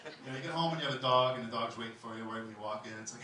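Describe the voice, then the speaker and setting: A male stand-up comedian working a club crowd, animated and quick to act out characters in high, excited voices. He sounds distant and roomy, with a heavy echo in the recording. Audience noise runs clearly underneath. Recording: echoey club, mic from far off, crowd noise. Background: audience laughter.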